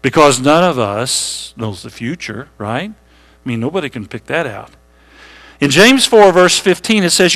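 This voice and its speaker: A man preaching a sermon to his congregation in a church, talking to them directly, asking them questions and slowing down to read scripture. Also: a little high, expressive, fairly bright tone. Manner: conversational preaching, reads scripture slowly, asks congregation questions. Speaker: pastor. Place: church sanctuary.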